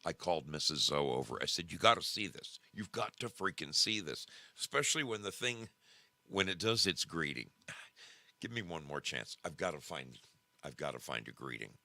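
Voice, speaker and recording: A man hosting a casual livestream, animated and emphatic, often repeating himself. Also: rumbling low, normal speed, vocal fry, dry recording. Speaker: show host.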